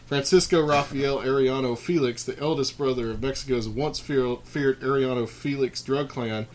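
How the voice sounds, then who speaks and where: Speaking at a moderate pace in a steady, medium-pitched voice, a podcast host reads items from a list of creepy clown stories. He then rambles casually, filling gaps and restarting often, over a little hiss or hum.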